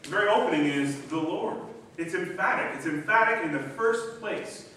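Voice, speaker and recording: Bright-voiced pastor in an echoey church. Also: male voice, fairly high pitch, lively intonation, distant mic, a little hiss or hum. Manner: reads scripture aloud with slow emphasis. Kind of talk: sermon. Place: church sanctuary.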